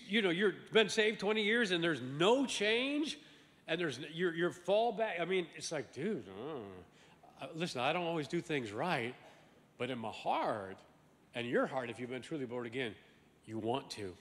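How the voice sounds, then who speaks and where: Man preaching, raised pitch, lively bursts, long hall reverb. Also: unhurried. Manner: emphatic, swings from loud exclamations to low asides; animated, repeats words and restarts. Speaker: pastor. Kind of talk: sermon. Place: large church sanctuary.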